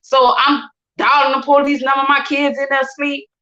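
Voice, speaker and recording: A woman recounts a painful personal story in a bright, higher voice. She talks with feeling and slips into other voices whenever she quotes someone. The recording sounds dull and lo-fi. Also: moderate pace. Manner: animated, acts out quotes in different voices. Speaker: guest sharing her story.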